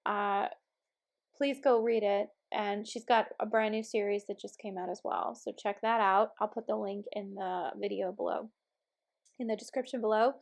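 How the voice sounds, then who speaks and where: A woman in her thirties with a hoarse voice, chatting casually and upbeat through a planner vlog, with frequent ums. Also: mid-range voice, steady tone, normal speed. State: hoarse from illness. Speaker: planner vlogger.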